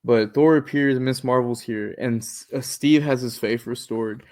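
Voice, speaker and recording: A man's voice: medium pitch, unhurried. A man on a podcast, casually retelling a comic book's plot scene by scene and quoting characters' lines along the way. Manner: animated retelling with quoted lines. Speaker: podcast co-host.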